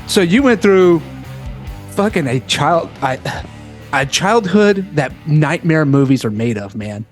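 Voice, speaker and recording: Higher-voiced laid-back male host. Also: lively intonation, a little slow, soft background music. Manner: laid-back, says dude and man, asks questions searchingly. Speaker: podcast host. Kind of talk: casual interview chat.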